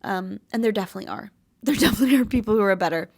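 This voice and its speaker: A woman's voice: mid-range voice, racing. A woman in her late twenties hosting a podcast, talking earnestly in a rambling, casual confessional way, full of fillers. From Canada. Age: late 20s. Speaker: podcast host.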